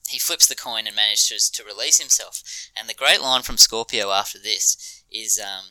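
A man's voice: fairly low pitch, normal speed, bright, forceful tone, no room sound, poor audio. A man co-hosting a podcast, chatting enthusiastically about a TV episode, with frequent ums and laughter. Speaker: podcast co-host. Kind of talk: casual chat reviewing a TV episode.

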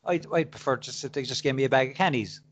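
A man's voice: medium pitch, fast. A man with an Irish accent joking and telling stories on a casual podcast. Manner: swearing, storytelling, joking. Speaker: podcast co-host. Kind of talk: casual banter.

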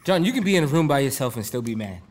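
A man's voice: medium pitch, sing-song, rapid-fire, a little hiss or hum. A man, co-hosting a casual chat, joking and teasing with frequent laughs. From North Carolina.

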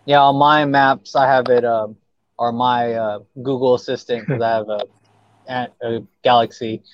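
A man's voice: mid-range voice, flat delivery, normal speed, lo-fi sound. A man co-hosting a podcast in casual chat, laid-back, rambling and laughing easily. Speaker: podcast co-host.

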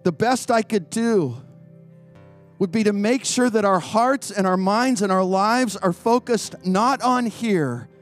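Male pastor with a high voice, slow, deliberate, exhortative delivery, soft music underneath. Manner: slow, emphatic preaching with drawn-out pauses, urging the congregation. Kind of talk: sermon. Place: outdoor church courtyard.

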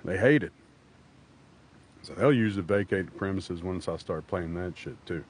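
A man's voice: low voice, moderate pace, slight background noise. A man in a casual rant, talking in a coarse, rambling way full of swearing.

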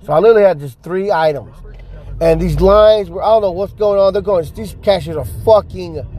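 A man's voice: sits high, brisk, mellow. A man venting in a profane, repetitive podcast rant, recorded in his car. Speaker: podcast host. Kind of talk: casual ranting monologue.

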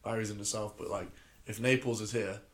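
A man's voice: on the low side, fairly even intonation, brisk. A young man co-hosting a podcast, teasing his friend in casual, jokey banter. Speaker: podcast co-host.

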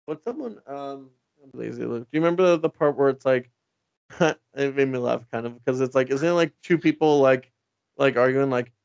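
A man co-hosting a podcast, rambling casually about comics with many fillers and lively quoting. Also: mid-range voice, a little fast, dry recording. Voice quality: gravelly. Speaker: podcast co-host. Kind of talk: casual comic-book chat. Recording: dull lo-fi dry sound.

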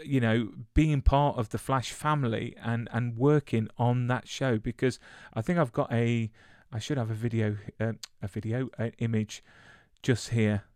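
A man's voice: mid-range voice, steady tone, normal speed, darkish tone, clear, resonant tone, no room sound. Male host: mid-range voice, chatty and eager, recorded dry and close. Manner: chatty, eager questions with restarts. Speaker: interview host. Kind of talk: casual interview chat.

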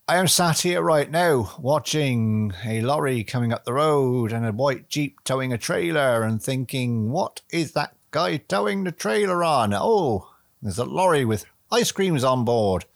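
A man talking to the camera in a casual, reflective monologue. He rambles with lots of fillers and is blunt and earthy, mixing quiet musing with the odd swear word. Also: medium pitch, expressive, a little slow, gravelly, dry recording, studio quality. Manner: rambling, conversational, with frequent fillers.

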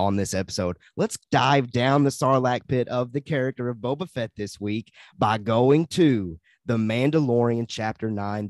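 A man's voice: lowish voice, darkish tone, dry recording. A man hosting a podcast in casual chat, upbeat and laughing easily as he leads into the next topic. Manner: upbeat, laughs often, quick transitions. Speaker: podcast host.

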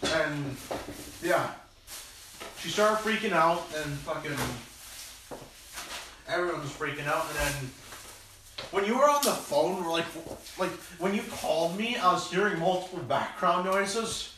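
A man's voice: on the high side, expressive, measured pace, pauses often. A young man hosting a casual chat, rambling with lots of fillers and restarts. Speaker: podcast host. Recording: roomy, distant mic with background noise.

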